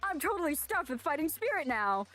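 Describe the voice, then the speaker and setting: A woman voicing a hot-headed, fired-up teenage boy in a game, speaking loudly and intensely. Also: high voice, very animated, fairly quick, faint music behind, voice pushed up. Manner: loud, shouting, pumped up.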